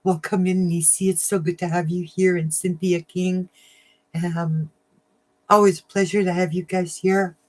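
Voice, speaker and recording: A woman hosting a casual crafting livestream, chatting warmly with viewers, getting emotional and laughing often. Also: lowish voice, flat delivery, measured pace. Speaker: livestream host of a crafting channel.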